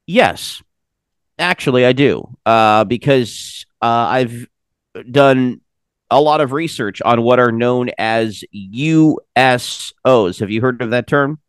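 A man being interviewed, explaining at length in a measured way with frequent filler pauses and a dry sense of humor. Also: mid-range voice, smooth, dry recording. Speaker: interview guest, researcher of unexplained phenomena. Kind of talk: casual interview chat.

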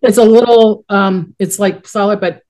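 A woman's voice: medium pitch, steady tone, normal speed, dark tone. A middle-aged woman telling stories in a casual interview, rambling and chatty, often restarting her sentences. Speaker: guest, psychic medium.

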